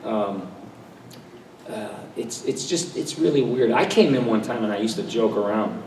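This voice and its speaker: In a distant, echoey recording from a convention hall with faint crowd ambience, an older panel guest spins relaxed stories for the audience. His voice is on the low side, expressive and a little mellow, and he's chatty and self-deprecating, jumping into quick impressions.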